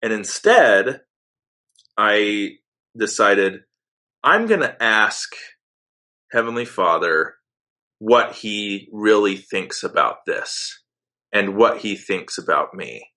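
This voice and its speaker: A young man tells his own story of faith in an earnest, halting way, often restarting his sentences. His voice sits a little low and sounds bright and forceful, and he takes his time. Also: animated. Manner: earnest, halting with restarts, rising intensity when angry. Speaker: storyteller sharing a personal religious experience. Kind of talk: personal testimony.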